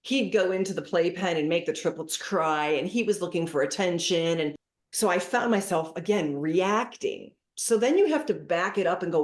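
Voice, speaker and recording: Middle-aged woman, animated storyteller, echoey room. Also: lowish voice, moderate pace. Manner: animated storytelling, acting out dialogues. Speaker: parenting specialist guest. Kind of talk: casual interview chat.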